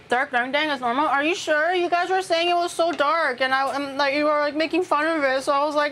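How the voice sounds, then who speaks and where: A woman's voice: sits high, normal speed, a bit bright, a little hiss or hum. Chatty woman cooking on a stream. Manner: chatty, reacting to viewers' chat, swears casually. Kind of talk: casual chat while cooking. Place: home kitchen.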